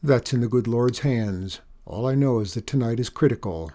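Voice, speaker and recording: Man reading as an older country doctor, calm, steady, reassuring. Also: mid-range voice, moderate pace, natural voice.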